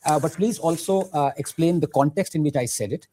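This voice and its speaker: Guy on a debate panel, slightly high voice, calm and careful, keeps clarifying his views. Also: fairly quick, slight background noise. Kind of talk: public debate answers.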